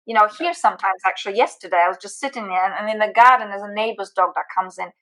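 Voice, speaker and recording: A woman being interviewed as a guest, telling stories in an animated, chatty way. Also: mid-range voice, fast, rough recording. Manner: animated storyteller, lots of fillers and restarts. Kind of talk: casual interview chat.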